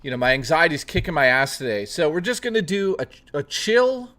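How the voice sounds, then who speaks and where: A man's voice: fairly high pitch, big pitch swings, a little fast, sharp tone, a little hiss or hum. A man hosting a casual chat stream, rambling and joking with plenty of swearing, greeting chat readers by name. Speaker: livestream host.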